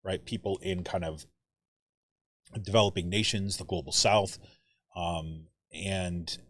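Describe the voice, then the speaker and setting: A man hosting a political podcast, talking in an animated, rambling way with lots of fillers and tag questions like "right?". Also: low voice, slow. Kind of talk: casual political commentary.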